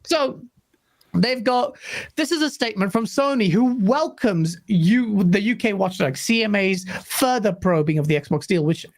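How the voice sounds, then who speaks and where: A woman hosting a live gaming stream, reading viewer messages and ranting excitedly. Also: medium pitch, unhurried. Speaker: host.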